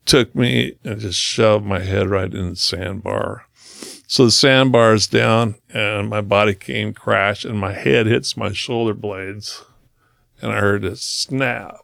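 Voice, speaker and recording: A man speaking as a podcast guest, telling his own story in earnest conversation and slowing down to stress key moments. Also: fairly low pitch, steady tone, vocal fry, a bit bright, dry recording, studio quality.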